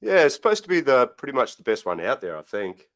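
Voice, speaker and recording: A man's voice: mid-range voice, huge pitch swings, fast, fairly bright tone. Easygoing Australian man with slang. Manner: easygoing, uses Aussie slang like mate and reckon. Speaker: host of an RC mail-opening show. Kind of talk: casual chat on a livestream.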